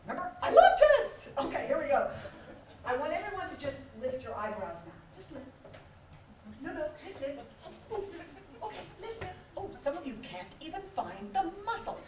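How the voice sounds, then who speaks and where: A middle-aged woman delivers a motivational keynote with a high voice that swoops up and down. She plays out small scenes with laughter. She is heard from a distance in an echoey hall. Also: normal speed, noisy background. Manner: animated and humorous, acting out little scenes with laughter. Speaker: keynote speaker. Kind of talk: motivational conference talk. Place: large conference hall.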